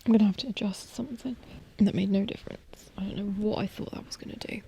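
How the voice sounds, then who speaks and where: A woman's voice: medium pitch, fast, warm tone, a little hiss or hum. A woman in a whispered ASMR chat who rambles with many fillers and slips in and out of put-on regional accents. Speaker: ASMR host. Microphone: stereo ear-to-ear ASMR mic.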